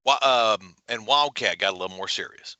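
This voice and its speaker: A man's voice: low-pitched, no echo. A middle-aged man, an author chatting casually as a guest on a video call, telling stories with folksy energy. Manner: animated storyteller, folksy, quick jumps into voices. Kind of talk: casual interview chat.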